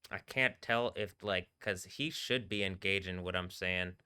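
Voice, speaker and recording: A man's voice: sits low, measured pace, bright, forceful tone, clean tone. A man hosting a live stream, rambling casually with many fillers and bursts of laughter.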